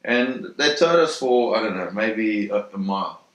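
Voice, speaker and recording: A man in an interview telling a first-hand story in a vivid, animated way, acting out the sounds and voices. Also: lowish voice, normal speed. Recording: roomy echo.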